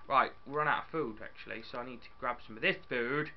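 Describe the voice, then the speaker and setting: Excitable young man, lo-fi mic. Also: medium pitch, fast talker. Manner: chatty, excitable, talks to the viewers and to his in-game dog. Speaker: gaming YouTuber. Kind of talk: casual game commentary.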